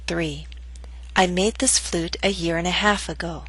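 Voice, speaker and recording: Calm woman reading a pronunciation lesson. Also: fairly low pitch, breathy edge, poor audio. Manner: slow, careful model sentences for repeating. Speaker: English pronunciation teacher. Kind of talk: scripted instructional narration.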